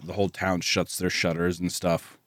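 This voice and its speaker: A man's voice: deep voice, moderate pace. A man from the States, telling stories in casual, profane podcast chat. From Southern United States. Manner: profane, animated storytelling. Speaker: animator, podcast guest.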